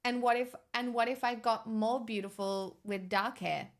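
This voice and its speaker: A woman's voice: on the high side, steady tone, moderate pace. A young woman streaming, chatting casually with her viewers in a sarcastic, bantering way. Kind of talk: casual livestream chat.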